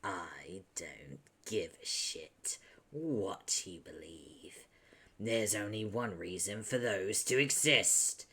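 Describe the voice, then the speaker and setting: A man voicing a stoic young man with a deep Texan drawl, slow and menacing, sometimes dropping to a whisper, in a comic read-aloud. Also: bright, forceful tone, full character voice.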